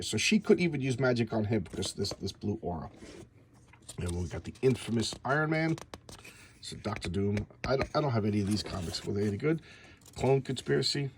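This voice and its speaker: Rambling husky man recapping a comic. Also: fairly low pitch, lively intonation, brisk, a little mellow. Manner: rambling, stumbles over names. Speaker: comic book reviewer.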